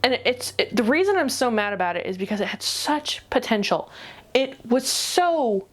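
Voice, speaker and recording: A woman reviewing an anime in a ranty vlog, exasperated, rapid and swearing. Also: a little high, sing-song.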